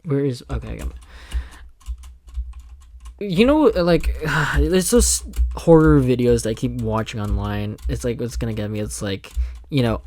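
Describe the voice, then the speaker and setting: A man's voice: mid-range voice, measured pace, a little mellow. A young man talking casually while playing a survival game, rambling in loose thoughts and swearing when startled. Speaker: gaming video creator. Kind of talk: casual gameplay commentary.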